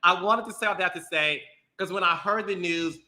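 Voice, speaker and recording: Animated chatty man with a bright voice. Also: sits high, roomy sound. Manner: animated, playful, laughs often, then slow and emotional. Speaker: podcast host. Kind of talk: casual chat.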